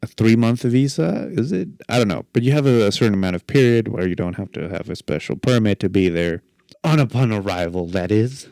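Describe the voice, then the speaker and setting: Young guy rambling through podcast stories, jokey, low-ish voice, dry close mic. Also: lively intonation, fairly quick, vocal fry, darkish tone, no echo. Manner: rambling, jokey, self-deprecating storytelling. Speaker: podcast host. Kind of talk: solo podcast chat.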